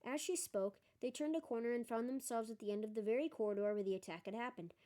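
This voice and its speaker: A woman narrating an audiobook with steady, measured reading. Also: a little high. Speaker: audiobook reader. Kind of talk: storybook narration.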